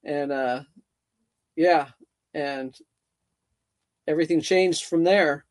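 A man's voice: fairly high pitch, slow pace, no room sound. A middle-aged man telling his story as an interview guest, rambling with many repeats and fillers.

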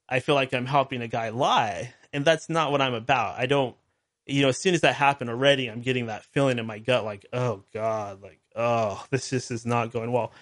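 A man's voice: medium pitch, fairly bright tone. A male podcast host with a mid-range voice. He tells a story in a rambling, exasperated way, restarting his sentences and breaking into wry laughs. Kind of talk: casual storytelling monologue.

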